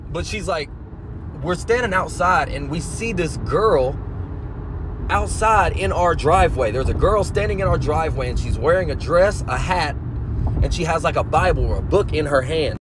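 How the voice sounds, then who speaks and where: A young man telling a story to camera in a casual, animated way, full of slang and nervous laughter. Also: fairly high pitch, noisy background. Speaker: TikTok storyteller.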